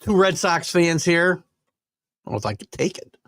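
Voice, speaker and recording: A man's voice: fairly high pitch, expressive, normal speed, a bit bright, slight background noise. An older man hosting a live sports talk show, chatting casually and rambling with fillers while reading viewer comments. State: hiccups.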